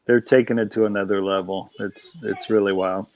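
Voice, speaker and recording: A man's voice: fairly low pitch, fairly even intonation, brisk, a little mellow, slight background noise. A man telling rambling, joking stories in a casual group conversation.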